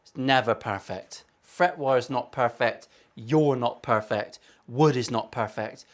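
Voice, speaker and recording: Cheeky sweary English guitar maker. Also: male voice, mid-range voice, takes it slowly. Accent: English West Country. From England. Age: 40s. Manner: cheeky, sweary, self-mocking banter. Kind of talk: casual workshop vlog. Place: workshop.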